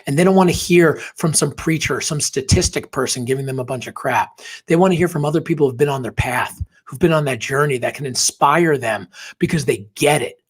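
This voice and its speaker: A man's voice: on the high side, a little fast, slightly rough. A man guesting on a podcast, telling a personal story earnestly and emotionally, dropping to a whisper at tender moments.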